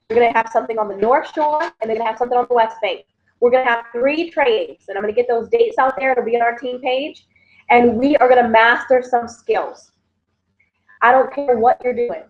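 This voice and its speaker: Woman, motivational team leader, energetic, slightly high pitch, muffled lo-fi audio. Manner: energetic, repetitive, keeps addressing listeners as "guys". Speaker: network marketing team leader. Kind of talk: motivational livestream recap. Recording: dull lo-fi sound.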